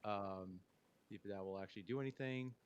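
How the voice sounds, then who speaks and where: A man's voice: lowish voice, fairly quick, clean tone, muffled recording. Hesitant man thinking aloud at a game. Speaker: player. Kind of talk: playing a tabletop game over voice chat.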